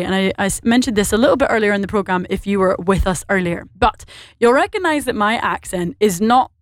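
Scottish woman with a Northern Irish lilt, bright higher voice, chatty radio presenter, dry studio sound. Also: dry recording. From Scotland. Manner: bubbly, chatty, laughs easily. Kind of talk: chatty radio link between songs.

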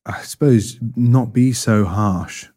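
A man with a lowish, mellow, slightly breathy voice speaks slowly as an interview guest, sharing a reflective personal testimony. He's thoughtful and hesitant, with many fillers and restarts.

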